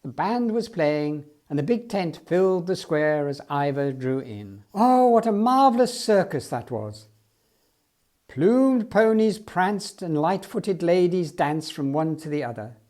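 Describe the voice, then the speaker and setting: A man reading a children's story aloud in an expressive, storytelling way. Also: fairly high pitch. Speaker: storybook reader.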